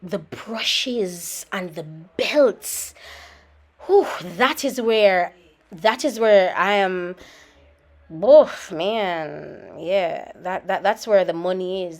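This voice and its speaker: A woman's voice: medium pitch, slow. Chatty Jamaican woman makeup artist. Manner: chatty, slips between standard English and patois; scolds her children mid-talk. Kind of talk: casual vlog chat. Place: home with children around.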